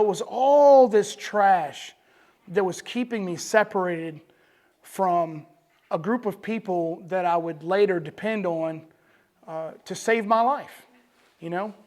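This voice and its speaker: A man telling his recovery testimony to a meeting room audience in a loose, conversational way. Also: sits high. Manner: conversational, peppered with "you know" and "man". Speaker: recovery speaker.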